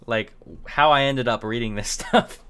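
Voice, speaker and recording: Male commentator, casual reading with frequent laughter, average pitch. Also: normal speed, a bit bright, smooth. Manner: laughing often while reading aloud. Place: home recording setup. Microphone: camera mic.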